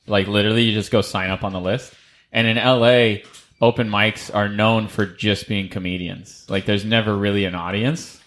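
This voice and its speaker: A young man, a stand-up comedian, telling a story on a podcast in a casual, animated way, acting out other people's voices. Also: fairly low pitch, normal speed.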